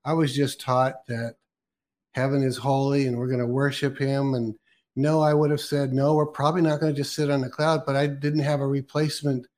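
A man's voice: medium pitch, flat delivery, brisk, darkish tone. A man in his sixties co-hosting a Christian talk show, musing aloud and often restarting his sentences. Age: 60s. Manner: musing, with many restarts and fillers. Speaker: co-host.

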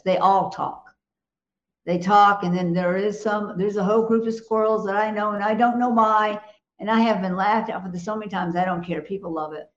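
A woman co-hosts a casual faith talk show and speaks with firm, emphatic assurance. Her voice sits at a middle pitch. The recording sounds dull and echoey, as if made in a reverberant room. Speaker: co-host.

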